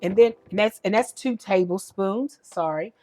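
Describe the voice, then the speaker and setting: A woman's voice: medium pitch, moderate pace, warm tone, faint music behind. A woman giving a casual cooking demonstration at home, chatty and homey, often correcting herself as she goes. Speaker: home cook.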